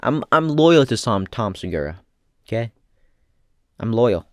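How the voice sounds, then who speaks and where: A man's voice: medium pitch, measured pace, no echo, studio quality. Profane rambling male vlogger. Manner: rambling, profane, deadpan asides. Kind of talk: casual comedic commentary.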